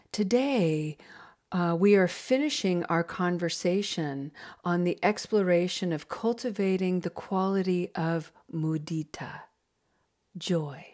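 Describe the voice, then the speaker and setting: A woman leads a guided meditation for a recovery group. She speaks slowly and gently, with long reflective pauses, in a fairly low voice. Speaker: meditation facilitator.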